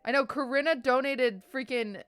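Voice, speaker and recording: A woman's voice: high voice, normal speed, a bit bright, clear, resonant tone, no room sound, faint music behind. A woman live streamer chatting casually to her viewers. She is overwhelmed and teary, sighing and laughing as she thanks them. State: teary and shaky from crying.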